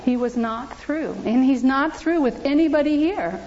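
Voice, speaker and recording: A woman with a high-pitched, slightly mellow voice testifies and preaches earnestly in a church, speaking at a moderate pace and emphatically repeating scripture. The recording is dull and lo-fi, with a touch of hiss or hum.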